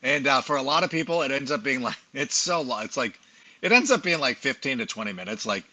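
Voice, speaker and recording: A man's voice: medium pitch, animated, fast talker, bright, forceful tone. A middle-aged man chatting as a podcast guest, telling rambling self-deprecating stories full of fillers. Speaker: podcast guest, fantasy football analyst. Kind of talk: casual chat.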